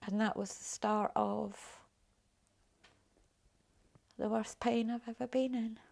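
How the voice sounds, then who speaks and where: A middle-aged woman, a mother, recounting her past in a documentary interview, speaking quietly and haltingly, often trailing off low. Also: steady tone, gravelly.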